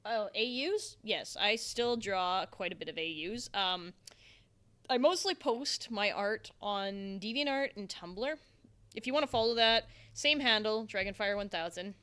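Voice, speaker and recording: A young woman in a casual live stream, talking into a desk mic from her home setup. Her pitch sits in an ordinary middle range. She rambles freely, muttering to herself as she works and turning to answer viewers' questions. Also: expressive, a little slow, bright, forceful tone, clean tone. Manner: rambling, talks to herself while working, answers chat. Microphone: desktop microphone.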